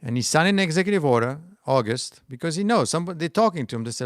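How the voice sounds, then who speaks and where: A man's voice: fairly high pitch, lively intonation, racing, no echo, studio quality. A middle-aged man with a French accent, hosting a stock market livestream in a loose, rambling way and answering chat comments. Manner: rambling, restarts, talks back to chat comments. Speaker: stock market channel host.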